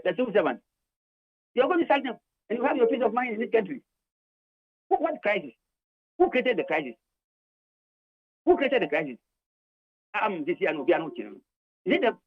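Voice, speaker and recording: An older Ghanaian man speaks as a union leader on a radio talk show, repeating himself for emphasis and slipping between English and Twi. His pitch swings widely as he presses his case. The sound is dull and lo-fi, like a narrow line.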